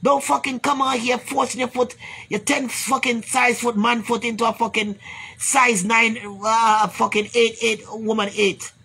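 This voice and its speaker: Husky, profane Jamaican woman ranting. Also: fairly high pitch, flat delivery, a little slow, pushed and bright. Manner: blunt, emphatic, repeats herself, mixes cursing with blessings. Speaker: vlogger. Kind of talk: profane rambling rant to camera.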